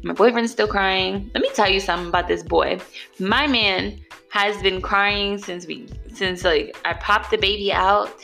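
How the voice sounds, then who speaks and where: A woman's voice: mid-range voice, steady tone, measured pace, vocal fry, sharp tone, faint music behind. A young woman casually telling her birth story, chatty and blunt, full of slang and "like".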